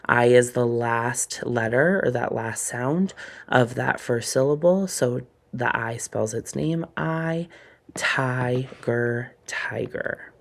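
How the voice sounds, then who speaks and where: A man teaching a phonics lesson, slowly and deliberately sounding out words letter by letter. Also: mid-range voice, vocal fry.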